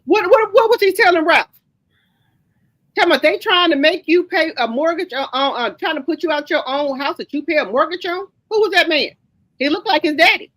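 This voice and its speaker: High-voiced woman pressing her questions. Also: brisk, a bit bright, dry recording. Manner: insistent, repeats her questions. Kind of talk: casual reality TV gossip chat.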